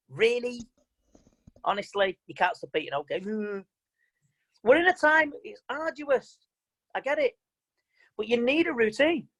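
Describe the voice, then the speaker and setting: A man's voice: high-pitched, gravelly, low-quality recording. Chatty man coaching online. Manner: animated, chatty, quotes people in mock voices. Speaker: mind coach. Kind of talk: online seminar talk. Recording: video call audio.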